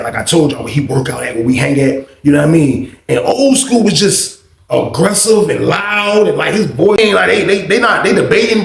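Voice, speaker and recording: Gravelly, profane man telling a story. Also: on the high side. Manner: animated, profane, lots of acted quotes. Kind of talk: casual storytime. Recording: echoey room.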